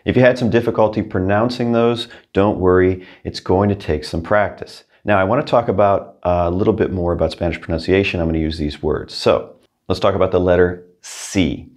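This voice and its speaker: A man teaching a Spanish pronunciation lesson, patient and clear, saying each example word twice. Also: low-pitched, fairly even intonation, fairly quick, darkish tone. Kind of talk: scripted language lesson.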